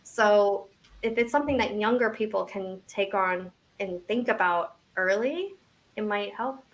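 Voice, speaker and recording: A woman of about forty, interviewed as the author of a memoir, talks casually, restarting often and tossing in self-deprecating asides. Her voice is mid-range and measured in pace.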